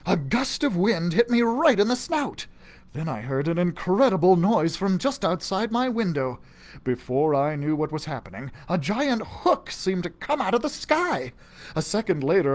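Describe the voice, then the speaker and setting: A man reading a children's storybook aloud for a library, giving the first-person mouse narrator an animated, expressive delivery. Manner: animated, expressive reading with big pitch swings.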